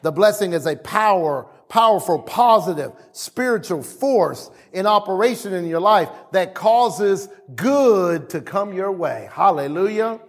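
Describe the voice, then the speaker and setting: A man's voice: sits high, animated, a little slow, few pauses. A man preaching a sermon as pastor, repeating phrases and calling on the congregation to answer back.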